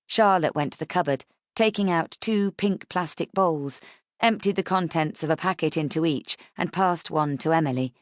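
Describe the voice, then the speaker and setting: A woman reading a novel aloud as an audiobook narrator, in a measured, steady way. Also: low-pitched, dry recording, clean studio sound. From United Kingdom. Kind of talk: scripted narration.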